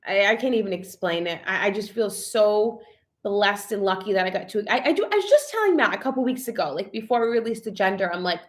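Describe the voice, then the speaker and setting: With a medium-pitched voice, lively intonation, and a quick pace, a young adult woman reads viewer comments during a casual live vlog chat. She comes across as chatty and emotional, full of "like" fillers.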